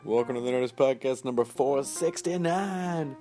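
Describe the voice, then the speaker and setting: A man's voice: medium pitch, moderate pace, warm tone, faint music behind. A man hosting a podcast in casual banter, teasing his co-host and laughing often.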